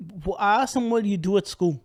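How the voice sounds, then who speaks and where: A man's voice: high-pitched, fairly quick. A young man co-hosting a podcast, telling rambling stories in a casual chat and laughing as he goes. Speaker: podcast co-host.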